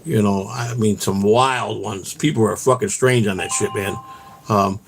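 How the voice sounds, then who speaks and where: Husky man rambling on a walk. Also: fairly low pitch, steady tone, unhurried. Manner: rambling and profane, with lots of restarts and "man". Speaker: vlog host. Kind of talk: rambling casual storytelling while out walking. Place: outdoors on a walk.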